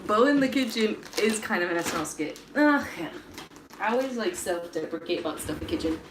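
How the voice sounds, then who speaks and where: A woman's voice: medium pitch, expressive, brisk, noisy background. A young woman hosting a baking livestream from her home kitchen, chatting casually, joking at her own expense and answering viewers' comments. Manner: chatty, self-deprecating, reads viewer comments aloud.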